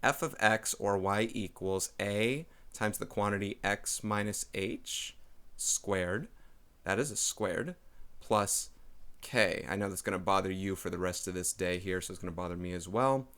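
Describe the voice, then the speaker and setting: A man with a fairly low voice talking through a math lesson. He explains methodically, one step at a time, addressing his students directly. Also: measured pace, a bit bright, clean tone. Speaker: math teacher.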